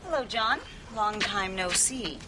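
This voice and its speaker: An actress playing a hurt, sharp-tongued young woman confronting the man who left her, in a sarcastic, accusing manner. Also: medium pitch, expressive, measured pace, background noise, natural voice. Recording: TV drama clip with faint ambience.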